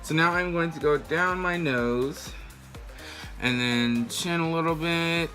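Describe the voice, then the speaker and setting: A man's voice: medium pitch, a little slow, pushed and bright, soft background music. A man talking casually through a makeup tutorial, chatty and slangy, explaining each step while he works. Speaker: makeup vlogger.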